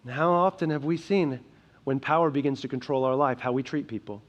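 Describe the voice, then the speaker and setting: A young adult man preaching a sermon as pastor, earnest, shifting between quiet emphasis and loud, urgent passages. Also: medium pitch, brisk, muffled recording. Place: church sanctuary.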